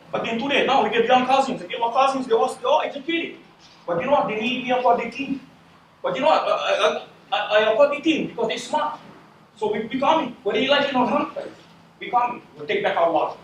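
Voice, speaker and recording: A man's voice: very high-pitched, slight background noise. A man with a Hawaiian Pidgin accent giving impassioned, emphatic testimony at a community meeting, repeating himself and calling listeners "bro". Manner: emphatic, repetitive, swearing, addressing officials as "bro". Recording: echoey hall from far off.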